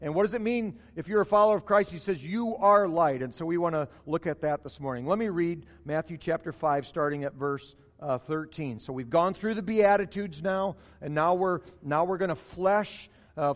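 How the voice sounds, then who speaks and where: A male pastor delivers a sermon with emphatic repetition, driving his points home. His voice sits high for a man, and it rings out with a long reverb from the church sanctuary around him. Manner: emphatic, repeats key phrases for stress.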